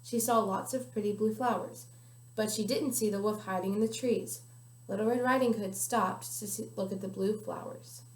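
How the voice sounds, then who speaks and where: A woman's voice: medium pitch, steady tone, moderate pace. Young woman, storybook read-aloud, careful, small slips, echoey room. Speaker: guest reader. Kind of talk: reading a picture book aloud.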